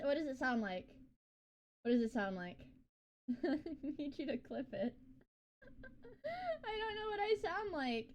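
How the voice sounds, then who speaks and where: A woman streamer chatting casually with her viewers, giggly and excitable. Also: high-pitched. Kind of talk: casual live-stream chat.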